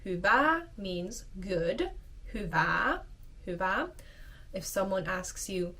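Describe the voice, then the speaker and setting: A woman's voice: mid-range voice, sing-song, sharp tone, recorded from a distance. A woman teaching a casual video lesson, repeating short phrases patiently. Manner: slow, repeats phrases over and over. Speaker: language teacher.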